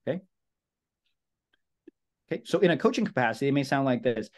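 Speaking briskly at medium pitch, a man trains his real estate team at a meeting. His delivery is casual and energetic and repetitive, with acted-out practice phone calls and listeners called "guys" and "brother."

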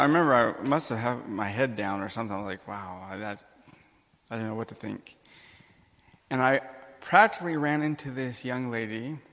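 A male priest giving a sermon, telling a personal story with animated, emphatic delivery and acting out the dialogue. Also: mid-range voice, vocal fry. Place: church or conference hall. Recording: long hall reverb.

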